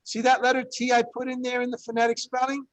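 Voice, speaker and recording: A man's voice: very high-pitched, completely flat delivery, fast talker, dry recording, low-quality recording. A man teaching a Spanish class, encouraging students and drilling pronunciation through repetition. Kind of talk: classroom language lesson.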